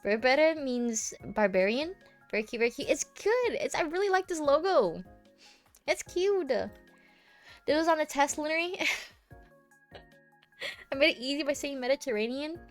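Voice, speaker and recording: A woman's voice: high-pitched, animated, a little slow, pauses often, soft background music. A young American woman streaming live, chatting casually and playfully with many restarts. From United States.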